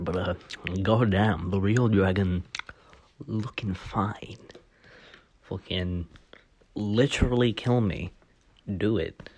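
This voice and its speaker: Low-voiced profane young man. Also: darkish tone. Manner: profane, joking, rambling. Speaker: gaming YouTuber. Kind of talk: casual game commentary.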